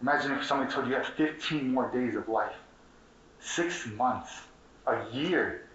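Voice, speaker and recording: Fiery profane young organizer, roomy hall. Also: male voice, mid-range voice, moderate pace, fairly bright tone. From Mexican heritage, Chicago. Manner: fiery, profane, repeats and restarts, asks the audience questions. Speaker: community organizer speaking at a conference. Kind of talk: impassioned activist speech. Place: conference hall with an audience. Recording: distant, roomy, dull room recording.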